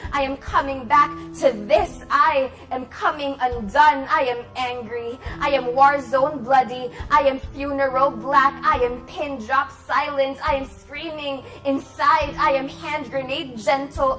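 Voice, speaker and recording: A woman, a confessional poet, speaking about her work and performing a spoken word poem with rising intensity. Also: sits high. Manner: confessional, intense, builds from hushed to forceful. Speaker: guest poet.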